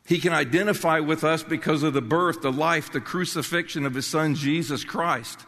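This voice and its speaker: Gravelly older preacher in an echoing hall. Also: male voice, a little high, steady tone, moderate pace, a bit bright. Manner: passionate, emphatic preaching with restarts. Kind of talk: sermon. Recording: long reverb of a large hall.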